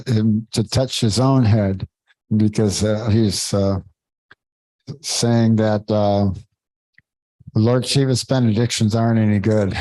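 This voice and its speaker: A man leading a devotional scripture class, talking informally and haltingly, searching for words and chuckling between points. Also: fairly low pitch, dark tone, dry recording, rough recording.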